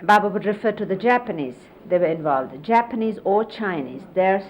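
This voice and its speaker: A woman's voice: mid-range voice, lively intonation, moderate pace. A middle-aged woman reminiscing in a casual storytelling way and explaining hand gestures, with frequent fillers, heard on dull 1970s videotape audio with faint hiss. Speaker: disciple recalling a spiritual teacher.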